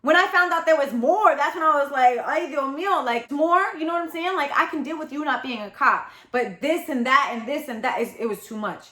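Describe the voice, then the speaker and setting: A woman's voice: sits high, fairly quick, hardly any pauses, pushed and bright, reverberant. A woman telling a personal story in a blunt, profane, heated way, as a vlogger. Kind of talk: casual confessional storytelling.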